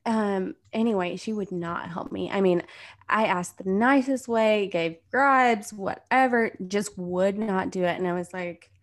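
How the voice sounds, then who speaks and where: Thirties mom in a relaxed chat, quick to laugh, eggs others on. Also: female voice, mid-range voice. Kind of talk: casual chat.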